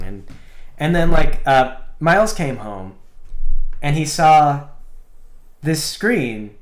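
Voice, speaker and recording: A man's voice: a little high, measured pace, pauses often, echoey room. A man chatting casually on a live stream about the game he is building alone, rambling with lots of fillers. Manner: rambling, filler-heavy, animated storytelling. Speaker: solo indie game developer streaming.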